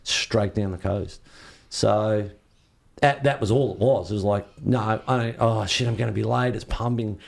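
With a low, gravelly, steady voice at a moderate pace, an older Australian man recounts wandering surf-trip stories as an interviewee. He's easygoing, swears a lot, and acts out the quoted dialogue.

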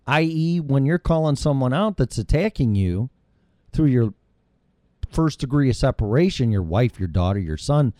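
A man's voice: medium pitch, animated, moderate pace, warm tone, dry recording, clean studio sound. A middle-aged man hosting his own show, delivering a heated, rambling monologue full of profanity. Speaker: show host. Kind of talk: ranting monologue.

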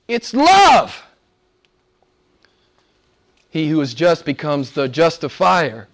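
High-pitched emphatic male preacher. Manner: swings between loud emphatic peaks and hushed near-whispers; repeats phrases, asks the audience rhetorical questions. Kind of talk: sermon.

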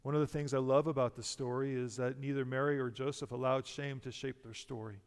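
A man's voice: mid-range voice, fairly even intonation, a little fast, clear, resonant tone, in a large hall. A man preaching a sermon to a congregation, emphatic and full of rhetorical questions. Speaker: pastor.

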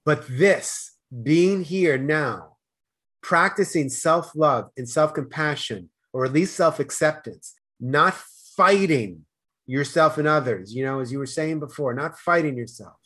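Fast-talking man with a Boston accent. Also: fairly high pitch, fairly bright tone, breathy edge. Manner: fast-talking, stammering restarts, slurred words. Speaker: podcast guest. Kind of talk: casual conversation.

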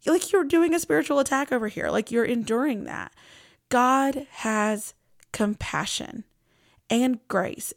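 A woman's voice: fairly high pitch, vocal fry, no echo, clean studio sound. A woman hosting a Christian podcast, talking in an earnest, reflective, conversational way. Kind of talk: casual devotional podcast talk.

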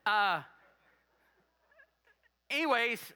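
A man's voice: very high-pitched, lively intonation, very slow, pushed and bright, clean tone, long reverb tail. A male preacher delivering a sermon, asking the congregation rhetorical questions and making joking asides.

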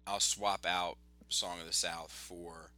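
A man's voice: low voice, takes it slowly. A man hosting a casual podcast chat, telling stories in a loose, swearing way. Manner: animated, swearing storyteller.

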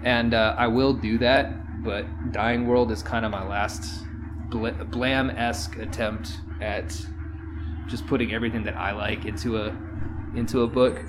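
A man's voice: mid-range voice, flat delivery, a little slow, background noise. A man hosting a podcast, telling casual stories in a rambling, profane way. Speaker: podcast host.

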